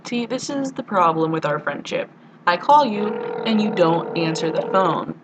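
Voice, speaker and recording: A woman's voice: on the low side, lively intonation, normal speed, noisy background. A young woman from the United States, chatting casually in a rambling, giggly video diary to a friend. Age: young adult. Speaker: vlogger.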